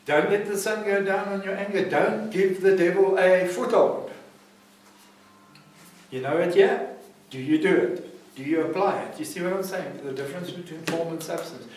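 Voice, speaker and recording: A South African man with a slightly high voice teaches a class in an emphatic, preaching manner, pressing his listeners with questions. He is picked up from across a strongly echoing room by a distant mic. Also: normal speed, a little hiss or hum. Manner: emphatic, keeps asking "see what I'm saying?". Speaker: recovery centre teacher. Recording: very echoey room, mic far off.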